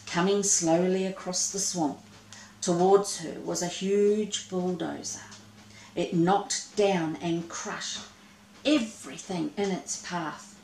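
A woman reading a children's story aloud in a slow, expressive way. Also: lowish voice, vocal fry, reverberant, slight background noise, poor audio.

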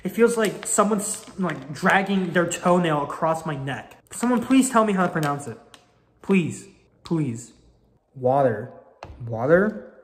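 A frustrated young man in his late teens vents about an embarrassing story, his pitch swinging widely as he swears and pleads. His voice trails into a long reverb. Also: normal speed, hardly any pauses, slight background noise. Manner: exasperated, swearing, animated. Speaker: vlogger. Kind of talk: casual storytelling.

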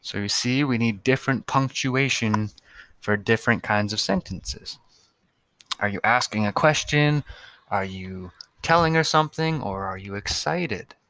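A patient male teacher records a lesson for young children, stretching out his sentences and breaking them into single words. His voice is bright and forward. The sound is close and dry, with no room around it. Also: on the low side, a little slow, no echo. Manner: patient, spells out words one by one.

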